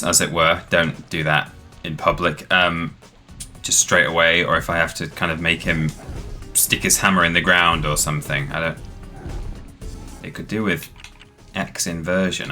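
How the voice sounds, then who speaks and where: A man hosting a live game stream, rambling happily through his gameplay commentary. His voice sits very low but sounds bright and forceful. Faint game music plays underneath. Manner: chatty, rambling, enthusiastic. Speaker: streamer host.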